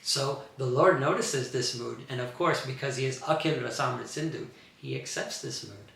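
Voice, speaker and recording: A man with a gravelly, bright voice explains a scripture story to a class in an animated way. His voice carries a heavy echo, as if in a large bare room. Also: medium pitch, normal speed. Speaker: teacher. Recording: very echoey room.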